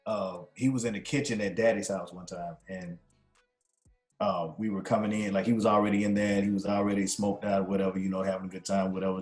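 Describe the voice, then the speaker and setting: A man with a Southern US accent, a singer telling funny stories in a casual interview. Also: echoey room. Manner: animated storyteller, jokes, laughs, does high squealing impressions.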